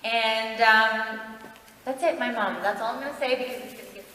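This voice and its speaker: A woman on a convention panel, teasing her co-panelists with a quick wit. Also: fairly high pitch, background noise. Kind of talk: panel Q&A banter. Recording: echoey hall from far off with crowd.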